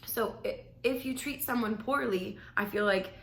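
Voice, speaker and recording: Chatty young woman, bright roomy voice. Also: mid-range voice, normal speed, vocal fry. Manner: chatty, rambling, heavy use of "like". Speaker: podcast host. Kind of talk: casual storytelling. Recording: roomy echo.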